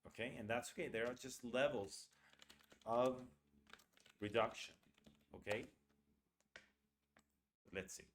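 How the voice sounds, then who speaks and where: A man giving an online English pronunciation lesson. His voice is mid-pitched. He explains patiently and repeats short phrases, sometimes slowing them down to show each sound. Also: steady tone, slight background noise. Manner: slows down to spell out sounds.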